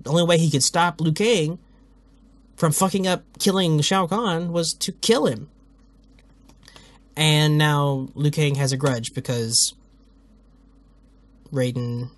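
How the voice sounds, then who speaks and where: A man's voice: on the high side, no room sound. A man hosting a casual video commentary who rambles, swears freely and often cuts himself off mid-thought. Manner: rambling, profane, self-interrupting. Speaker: host.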